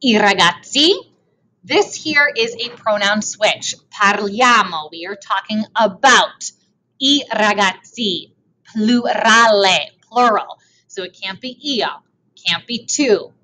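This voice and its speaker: A woman's voice: medium pitch, lively intonation, slow, bright, forceful tone, rough recording. A woman teaching a language lesson over slides. She mixes Italian and English, repeats and translates each form, and adds playful asides.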